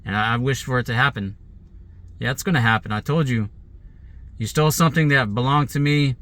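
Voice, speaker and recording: A man's voice: medium pitch, fairly quick, a bit bright. A man sitting in his car, giving an angry, rambling monologue to the camera about grievances and threats. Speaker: vlogger.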